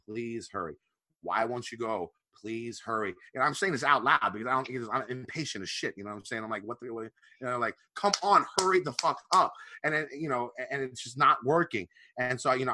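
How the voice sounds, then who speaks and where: A man with a bright, forceful voice tells a long, swearing-laced story in casual podcast chat. His delivery is loose and animated, recorded close and dry with no room sound. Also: medium pitch, no room sound. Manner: profane, animated anecdote telling. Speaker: podcast co-host.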